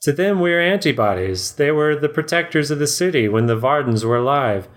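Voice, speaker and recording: A man voicing a calm, knowing male archaeologist with slow, measured delivery. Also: a little high, voice pushed up, close to an everyday voice. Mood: earnest.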